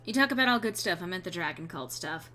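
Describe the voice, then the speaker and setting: A young adult woman chatting casually while streaming a role-playing game, rambling and clearing her throat now and then. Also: lowish voice, lively intonation, quick pace, pushed and bright. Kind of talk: casual gameplay commentary.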